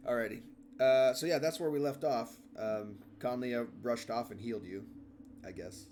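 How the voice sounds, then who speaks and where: A man's voice: medium pitch, moderate pace, darkish tone, a little hiss or hum. A man running a tabletop game as game master, narrating and joking loosely with his players, now and then swearing.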